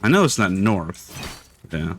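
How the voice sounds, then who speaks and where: A man's voice: deep voice, big pitch swings, a little slow, a bit bright, slight background noise. A young man streamer chatting casually while he plays, rambling and hesitant with lots of fillers. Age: young adult. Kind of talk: casual chat while gaming.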